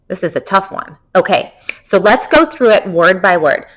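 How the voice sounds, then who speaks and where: A woman, a children's book author, leading a tongue-twister activity for kids, saying words slowly and clearly for them to repeat. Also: mid-range voice, expressive, fairly bright tone, poor audio.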